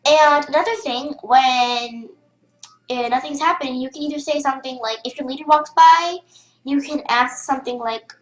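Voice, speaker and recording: In a casual screen-recorded tutorial, a young girl acting as game host talks in a high female voice, rambling with fillers and restarts as keys clatter behind her. The audio is poor, with a roomy sound and a little hiss or hum.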